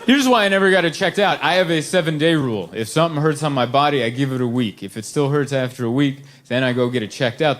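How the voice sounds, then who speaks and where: A young adult man doing a stand-up comedy set, telling stories and acting out quoted people in a high, squealy voice. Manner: animated storytelling, acts out high squealy quotes. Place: comedy club stage with audience. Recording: live club recording with audience laughter and background noise.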